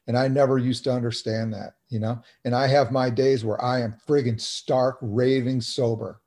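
A middle-aged man sharing his story on a video call, earnest and halting, full of fillers and restarts. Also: medium pitch, flat delivery, a little mellow. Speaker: recovery meeting speaker.

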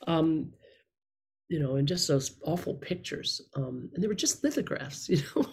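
A woman's voice: deep voice, lively intonation, measured pace, pauses often, a little mellow, breathy edge. Middle-aged woman, candid rambling testimony, speaking to a room. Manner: candid, rambling, self-deprecating. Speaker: speaker sharing her story. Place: room with listeners.

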